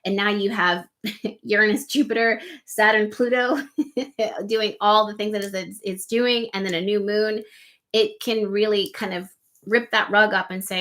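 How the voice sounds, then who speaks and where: Bright-voiced woman astrologer on a live stream. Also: medium pitch, fairly even intonation, measured pace. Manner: conversational, full of rhetorical questions, reads viewer comments.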